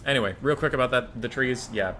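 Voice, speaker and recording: A man's voice: medium pitch, fast talker, pushed and bright, slight background noise. A man casting a strategy game tournament live on stream, chatty and prone to digressions, talking to his chat between calls.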